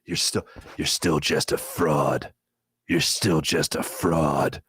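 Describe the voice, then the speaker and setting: A man's voice: fairly even intonation, fairly bright tone, husky, exaggerated voice. A man putting on a demonic sneering inner critic. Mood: taunting. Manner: slow, low, taunting.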